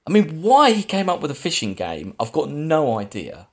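A man's voice: on the high side, wildly swooping pitch, moderate pace. Man, podcast host, rambly casual film recap. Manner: rambling plot recap with fillers and restarts. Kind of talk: casual film review chat.

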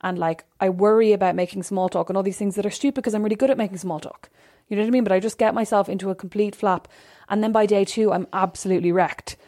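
A young woman talks quickly in a casual chat, her words tumbling out as she tells a story. She acts out the quoted lines with plenty of life, in a middle-pitched voice. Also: steady tone, warm tone.

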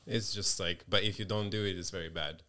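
A man who is a guest on a podcast, talking in a relaxed, chatty way. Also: low voice, a little fast, a crowd in the background. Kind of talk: casual conversation.

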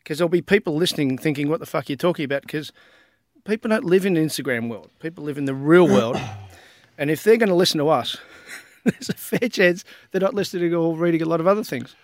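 A high-voiced man hosts a podcast with cheeky, profane banter. He slips into a mock-formal delivery. The recording is dry and close. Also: fast, dry recording. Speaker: podcast co-host.

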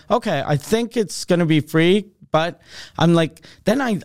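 A man's voice: a little high, dry recording, studio quality. A man in his thirties, a comedian hosting a podcast, telling a story in casual chat, swearing a lot and acting out both sides of the conversation. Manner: animated, swears constantly, acts out both sides of dialogue.

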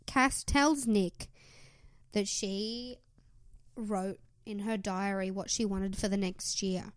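A woman's voice: mid-range voice, fairly even intonation, slow pace, smooth, no room sound. A young woman co-hosting a podcast, recapping events in a wry, matter-of-fact way. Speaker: podcast co-host. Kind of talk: casual chat.

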